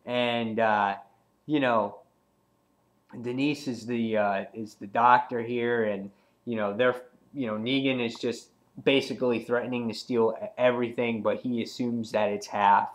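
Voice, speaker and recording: A man's voice: medium pitch, fairly even intonation, unhurried. A man reviewing a comic book in casual chat, rambling with many fillers and restarts as he retells the story.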